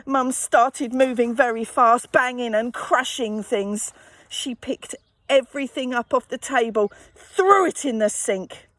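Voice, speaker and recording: Soft, unhurried woman reading a storybook. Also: on the high side, no echo. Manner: gently expressive, with sympathetic asides. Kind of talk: children's picture-book read-aloud.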